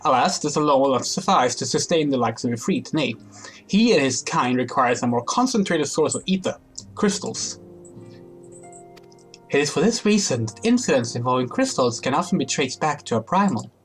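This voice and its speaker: A man's voice: mid-range voice, lively intonation, moderate pace, faint music behind, lightly acted. A man reading aloud the formal lines of a composed woman leader in a game. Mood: explaining.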